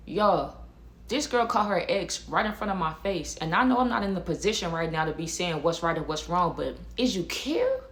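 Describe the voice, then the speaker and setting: A woman's voice: on the low side, brisk, a bit bright. A young woman telling a dramatic personal story to her viewers in a chatty, casual way. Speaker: YouTube storyteller. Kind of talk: casual story time to camera.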